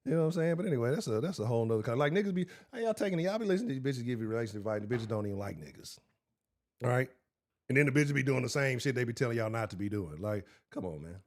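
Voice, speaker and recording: Animated, profane man hosting a sports stream. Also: mid-range voice, racing. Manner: profane, heated and animated, talks to chat directly. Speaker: sports show host. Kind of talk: live-stream sports talk.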